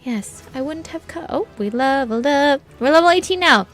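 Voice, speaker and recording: Chatty woman gamer, slightly high voice. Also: moderate pace, faint music behind. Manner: chatty, excitable, laughs often. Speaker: gaming channel host. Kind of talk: casual let's play commentary.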